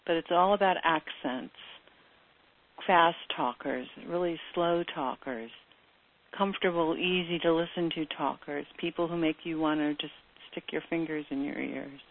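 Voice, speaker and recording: A woman's voice: deep voice, moderate pace, vocal fry. A woman giving a conversational daily listening lesson, addressing her audience as their teacher. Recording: tinny phone-like sound.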